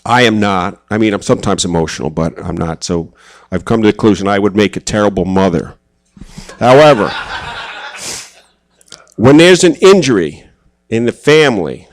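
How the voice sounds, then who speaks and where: A man speaking at a church gathering in a relaxed, conversational sermon style, telling personal stories with self-deprecating humor. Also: on the low side. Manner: casual, self-deprecating, acts out quoted voices.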